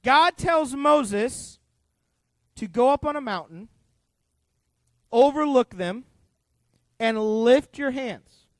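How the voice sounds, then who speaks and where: A man's voice: very high voice, slow pace, pauses often, dry recording. A man teaching a youth group Bible lesson as youth pastor, joking and quizzing the kids as he goes. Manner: animated, full of asides.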